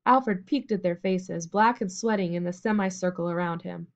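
A woman reading a novel aloud as an audiobook narrator, in an even, measured storytelling manner. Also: lowish voice, lo-fi sound.

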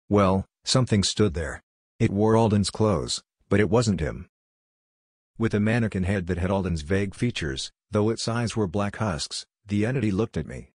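A man with a very low, husky voice reads a horror story in a measured, grave way. The sound is close and dry, with no room around it. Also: a little mellow, no room sound. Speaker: narrator. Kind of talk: scripted horror story narration.

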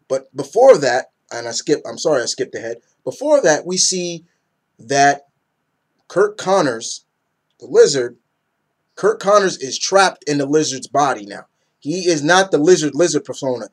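A young man in a casual, rambling comic book review who gets excited and acts out characters' lines. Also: on the high side, unhurried.

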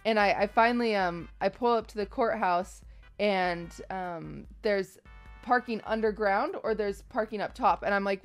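A woman's voice: mid-range voice, normal speed, faint music behind. A young woman host telling a personal story in a casual chat, acting out the voices of the people in it. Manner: animated, acts out voices in quotes. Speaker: streamer host.

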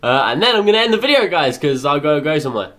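A young man doing excitable let's play commentary, chattering to himself and swearing often. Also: fairly high pitch, fast talker. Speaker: gaming channel host.

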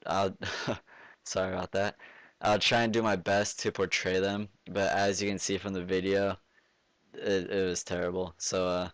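Laid-back male gaming host, low voice. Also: clear, resonant tone, no echo. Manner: rambling, with many fillers. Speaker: channel host. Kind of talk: casual outro to viewers.

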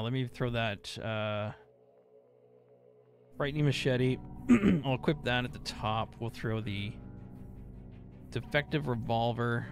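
A man streaming gameplay, talking loosely and profanely with jokes. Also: medium pitch. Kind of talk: casual live gameplay commentary.

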